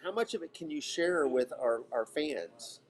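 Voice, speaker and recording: Animated chatty man telling stories. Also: fairly high pitch, a little slow. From Florida. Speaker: podcast co-host. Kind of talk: casual chat.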